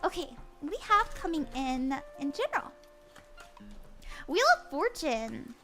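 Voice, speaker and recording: Giggly high-voiced woman reading tarot. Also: sing-song, slow, bright, forceful tone, faint music behind. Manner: giggly, bubbly, chatty with viewers. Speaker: tarot reader streamer. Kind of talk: casual live-stream tarot reading.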